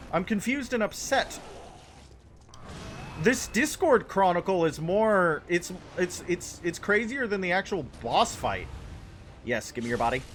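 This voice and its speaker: Lively joking man streaming a game. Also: high-pitched, a little hiss or hum. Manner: chatty, joking, answers chat questions between play. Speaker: streamer playing a game with chat. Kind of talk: casual live-stream chat and game commentary.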